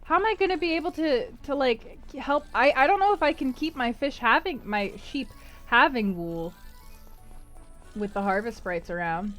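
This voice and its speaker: A woman's voice: high-pitched, expressive, normal speed, fairly bright tone, faint music behind. A woman streamer chatting casually while she plays, rambling and laughing often. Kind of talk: casual chat while gaming.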